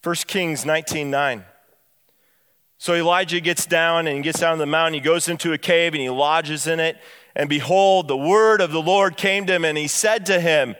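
Pastor, male, high voice, emphatic sermon delivery with hushed drops and quick storytelling runs. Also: expressive, long reverb tail. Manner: emphatic preaching, dropping soft and low on key phrases; bursts of quick storytelling between slow, stressed lines. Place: church.

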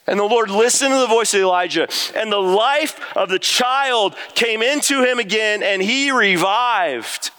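High, bright-voiced man preaching. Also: measured pace, few pauses, clean tone. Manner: earnest, rises high and emphatic when voicing prayers. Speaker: pastor. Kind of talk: sermon.

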